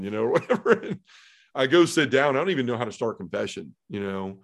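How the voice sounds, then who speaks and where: A man's voice: medium pitch, sing-song, quick pace. A middle-aged man, telling his personal story in an interview and acting out his own past thoughts. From Southern United States. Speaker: podcast guest.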